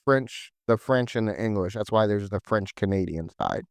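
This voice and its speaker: A man with a lowish, smooth voice, chatting casually as a podcast host. He rambles loosely, stacking up "like" and "um" as he goes. The sound is close and dry. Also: moderate pace, no echo. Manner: rambling, full of "like" and "um". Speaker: podcast host explaining game lore. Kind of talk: casual chat.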